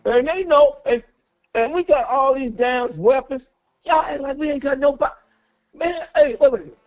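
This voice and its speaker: A high-pitched man rants in anger on a call-in line, profane and fired up, tripping over his own words. His voice comes through dull and lo-fi. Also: moderate pace. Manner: angry, profane, repeats himself. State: worked up. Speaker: caller. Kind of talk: heated call-in rant.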